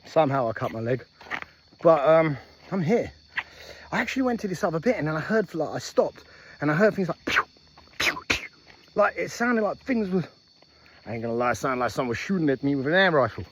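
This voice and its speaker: A man's voice: on the high side, lively intonation, fast talker. A man chatting casually as a travel vlogger while riding a moped outdoors, rambling and joking about himself, sometimes drifting into a put-on accent. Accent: put-on Australian-style accent at times. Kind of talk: casual vlog chat. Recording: noisy outdoor camera audio. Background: engine and jungle noise.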